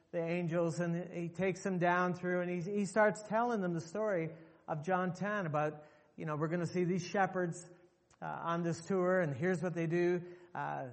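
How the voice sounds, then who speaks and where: A man's voice: high voice, long reverb tail. A male pastor preaching a sermon emphatically to his congregation, repeating phrases for effect.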